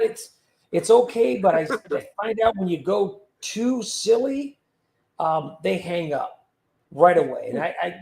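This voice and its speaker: Gravelly high-voiced man, roomy sound. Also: a little mellow. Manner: rambling, chuckling, lots of fillers. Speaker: livestream host. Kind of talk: casual livestream chat. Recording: roomy echo.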